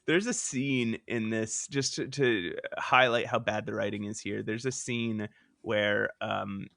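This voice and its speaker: A man co-hosting a podcast in casual chat, telling stories quickly and laughing often. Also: fairly low pitch, fairly even intonation, vocal fry, bright, forceful tone, no room sound, studio quality. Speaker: podcast co-host.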